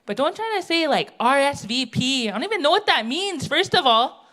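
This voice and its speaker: Woman stand-up, middle-aged, blunt and brash, pitched a bit high, stage mic in a theatre. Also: big pitch swings, normal speed, a bit bright. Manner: blunt, brash, tell-it-how-it-is. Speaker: stand-up comedian. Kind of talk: stand-up comedy set. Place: theatre stage, live audience.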